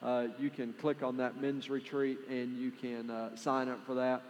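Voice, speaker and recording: A man's voice: medium pitch, level tone, normal speed, a little mellow, lo-fi sound, slight background noise. A man with a West Texan accent, preaching a sermon as pastor with prayer and announcements, in an earnest, conversational way with plenty of fillers. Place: large church sanctuary. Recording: long hall reverb with faint music.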